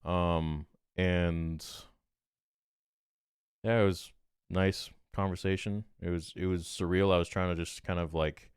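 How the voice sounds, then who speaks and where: A man's voice: sits low, clean tone, no echo, clean studio sound. A man, a podcast guest, telling a story in casual talk and acting out quoted exchanges with animation. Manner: animated, quotes himself and others in quick exchanges.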